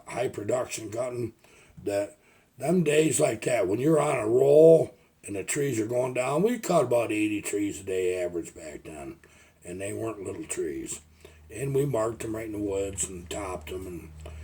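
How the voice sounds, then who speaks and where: A man's voice: fairly low pitch, warm tone, husky. An older man, a logger turned video maker, telling rambling folksy stories in a casual vlog. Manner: rambling folksy storytelling with restarts. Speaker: retired logger vlogger.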